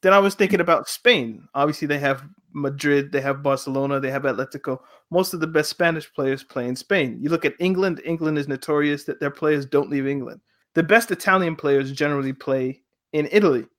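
Man, casual football debate, animated, rhetorical questions, higher-pitched voice. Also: brisk. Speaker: podcast co-host.

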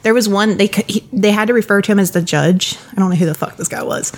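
A woman's voice: medium pitch, fast. A woman in casual podcast chat, speaking loosely with many "like"s. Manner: casual, peppered with "like".

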